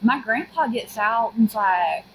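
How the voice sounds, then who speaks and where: Woman, young adult, casual podcast chat, detailed animated storytelling, higher pitch. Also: unhurried, slight background noise, low-quality recording. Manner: detailed, animated storyteller who laughs often. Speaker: podcast co-host.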